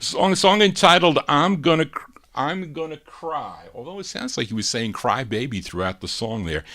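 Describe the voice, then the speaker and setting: A man's voice: on the high side, expressive, normal speed, pushed and bright. A man hosting a live oldies record show as disc jockey, chatting casually about records and laughing at his own slips.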